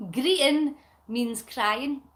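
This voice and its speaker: A chatty Scottish woman vlogging to her viewers, explaining things in a playful way and breaking into giggles. Her voice sits a little higher than most women's. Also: drawn-out words, fairly bright tone. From Scotland. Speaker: vlogger reading viewer comments. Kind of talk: casual chat with viewers.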